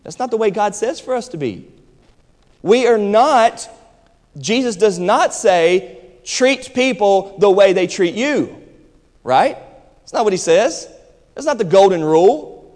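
A high-pitched man preaches a sermon from a church pulpit. His delivery is emphatic, dropping into slow, stressed phrases and then racing through asides. The voice rings with a long hall reverb. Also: lively intonation, a little mellow. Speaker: pastor.

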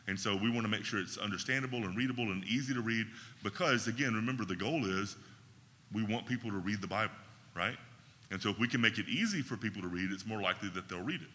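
A man's voice: lowish voice, fast talker, sharp tone, big-room sound. A man teaching a Bible class in a conversational way, often checking in with his listeners.

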